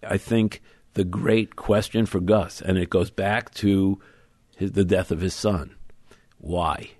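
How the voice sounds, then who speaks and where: A man being interviewed as an author, explaining at length in a thoughtful, measured way. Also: low voice, steady tone, darkish tone, no echo, clean studio sound. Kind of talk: conversational interview.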